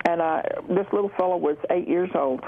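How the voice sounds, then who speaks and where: A guest calling in to a Christian radio show, telling a personal story in a gentle, affirming way. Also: mid-range voice, a little fast, creaky. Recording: tinny phone line.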